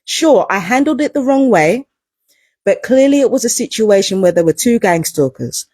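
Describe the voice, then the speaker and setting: Husky woman ranting. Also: on the high side, expressive, moderate pace, warm tone, no echo, clean studio sound. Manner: emphatic, profane, repeats herself for emphasis. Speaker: vlogger. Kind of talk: casual storytelling vlog.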